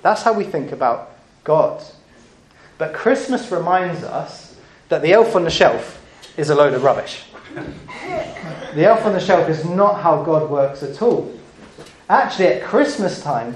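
A man's voice: fairly high pitch, animated, unhurried, pauses often. A man giving an interactive children's talk in church, playful and coaxing the congregation to join in. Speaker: preacher. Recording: echoey church room.

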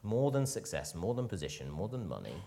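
A man preaching a sermon to a church congregation, swinging between loud emphatic lines and quiet ones. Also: fairly low pitch, big pitch swings, a little fast.

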